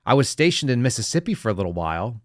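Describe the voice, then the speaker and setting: A man's voice: medium pitch, very animated, fast, dry recording, clean studio sound. A man from the United States hosting a political commentary podcast, sarcastic and talking to his live chat. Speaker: podcast host.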